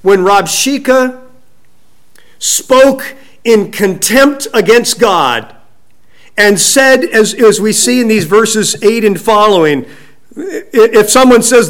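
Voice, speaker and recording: A man preaching a sermon, slow and emphatic, dropping at times to a soft hush. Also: high voice, expressive. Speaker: pastor.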